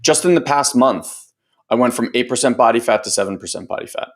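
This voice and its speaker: With a medium-pitched voice and a fairly quick pace, a man serving as host and personal growth coach leads a group training talk. He's loose and casual, packs in fillers, swears occasionally, and imitates others' voices in quotes.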